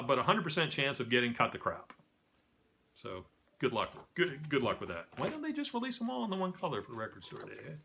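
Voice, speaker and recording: A man's voice: mid-range voice, pushed and bright. A man from a record store reading out upcoming vinyl releases, breaking off often for dry, self-mocking asides and stumbles over names. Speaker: record store staff presenting new releases. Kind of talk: casual scripted product rundown.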